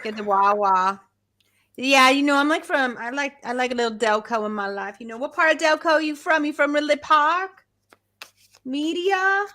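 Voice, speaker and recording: A woman putting on a chummy Philadelphia-suburb local with a thick Philly accent, loud and brash. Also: high voice, normal speed, voice pushed up.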